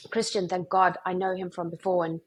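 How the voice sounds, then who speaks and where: A woman, a podcast guest, telling her own anecdotes in a lively, animated way. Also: fairly low pitch, brisk, low-quality recording. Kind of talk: casual storytelling in a podcast interview.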